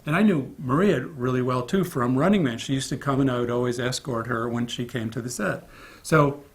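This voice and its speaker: A man in an interview, telling a behind-the-scenes story in a casual, animated way and acting out other people's lines. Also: mid-range voice, fairly quick. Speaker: film crew member recalling a production.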